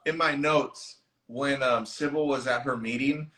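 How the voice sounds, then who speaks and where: A man co-hosting a casual movie discussion, excitable, laughing and swearing freely. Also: medium pitch, a little slow, rough recording. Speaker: co-host. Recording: online live stream.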